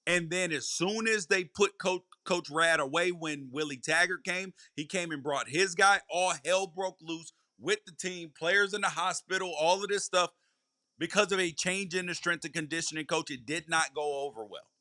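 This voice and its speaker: A man's voice: fairly high pitch, moderate pace, bright, forceful tone, no echo, studio quality. A man hosting a live college football podcast, a former player giving emphatic commentary and hammering his points home by repeating them. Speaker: podcast host.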